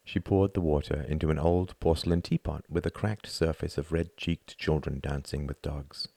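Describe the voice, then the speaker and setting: A man narrating a novel as an audiobook in a measured, expressive reading. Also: a bass voice, gravelly, no room sound.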